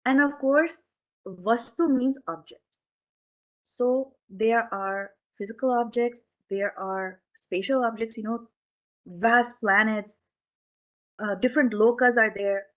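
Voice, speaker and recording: In a temple hall, a woman spiritual teacher gives a conversational discourse, chatty and questioning, sprinkling in many asides to her listeners. Her voice is a little high and fairly bright, and she speaks a little slowly.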